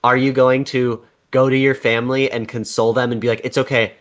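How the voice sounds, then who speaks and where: A man's voice: mid-range voice, flat delivery, a little fast. A man co-hosting a reaction video, rambling in casual chat and mocking what he watches.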